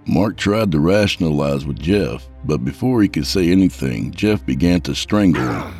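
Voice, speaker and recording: Deep-voiced male narrator for horror fiction, measured, faint music bed. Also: animated, darkish tone, husky. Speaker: storyteller.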